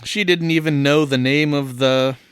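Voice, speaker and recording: A man co-hosting a comedy podcast, reading a story aloud and joking, giggly and animated. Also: a little high, moderate pace, clear, resonant tone, no room sound, clean studio sound. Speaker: co-host and story reader. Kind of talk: comic story reading with ad-libs.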